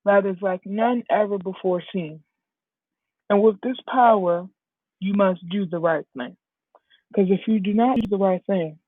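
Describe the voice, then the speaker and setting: A woman voicing a mysterious absent father who speaks slowly and gravely, with a warning tone. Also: mid-range voice, no room sound. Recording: husky, dry, phone-like lo-fi audio.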